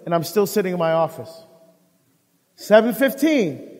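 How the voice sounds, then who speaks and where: High-voiced man telling stories in a hall. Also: normal speed. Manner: animated storyteller who acts out dialogue. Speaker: deacon giving a talk on marriage. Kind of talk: live presentation to an audience. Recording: long hall reverb.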